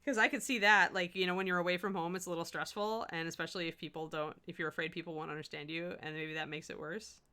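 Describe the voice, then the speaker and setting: Chatty bright-voiced woman painting and talking. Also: fairly low pitch, quick pace, few pauses, smooth. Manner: chatty, thinks aloud, self-correcting and animated. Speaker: miniature painting livestream host. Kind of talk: casual chat while painting, answering chat.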